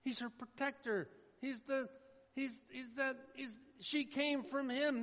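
A man preaching a sermon with emphatic delivery, his voice swinging from loud declarations to hushed low lines. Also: fairly even intonation, unhurried. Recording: echoey hall with dull sound.

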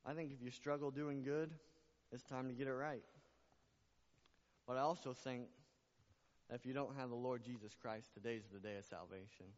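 A man's voice: medium pitch, steady tone, normal speed, pauses often. A man preaching a sermon as pastor, earnest and repetitive, building to emphatic appeals. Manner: earnest preaching, repeats phrases, rising to emphatic calls. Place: church sanctuary. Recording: muffled sound with long hall reverb.

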